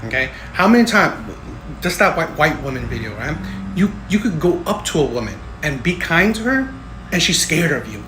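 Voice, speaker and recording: A man reacting to online clips, his voice pitched a little high for a man. He talks in an emphatic, lecturing way, pressing his points with "okay?" and "right?". The room is echoey and carries a faint hiss. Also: sing-song, moderate pace. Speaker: commentary channel host. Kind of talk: opinionated reaction commentary.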